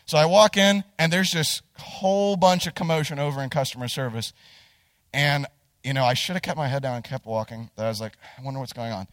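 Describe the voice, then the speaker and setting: Animated young youth pastor, man. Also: on the high side, fairly quick, no echo, long reverb tail. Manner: animated storyteller, addresses listeners directly. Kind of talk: humorous sermon story.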